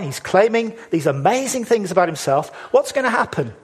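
Speaking fairly quickly with big swings in pitch, a preacher with a husky, fairly high voice delivers a sermon. He stays emphatic, poses rhetorical questions, and lingers on key words to give them weight.

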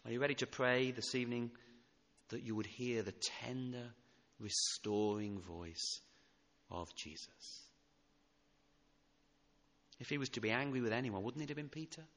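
Preacher with a bright voice in a reverberant church. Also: male voice, mid-range voice, unhurried, pauses often. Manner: expressive, swinging from loud emphasis to hushed tenderness. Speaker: pastor. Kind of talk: sermon.

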